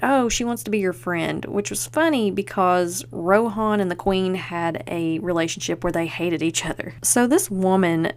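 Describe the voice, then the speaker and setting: Woman, podcast host, lower-pitched, casual enthusiastic chatter. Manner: chatty and enthusiastic, loose with fillers like "like".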